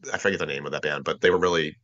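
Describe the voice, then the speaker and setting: A man's voice: extremely low pitch, fairly even intonation, very fast, fairly bright tone. A man in his forties, chatting casually as a podcast guest over a video call, rambling with lots of filler words and swearing freely. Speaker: podcast guest, former bandmate. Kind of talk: casual reminiscing chat. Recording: dull lo-fi internet call audio.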